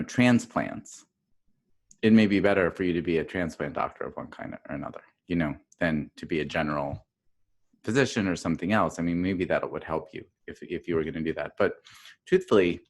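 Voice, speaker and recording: A middle-aged man who works as a pediatrician and public health dean. He gives a chatty conference talk over a video call, telling stories with plenty of fillers and restarts. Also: deep voice. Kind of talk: casual virtual conference talk. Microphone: video call microphone.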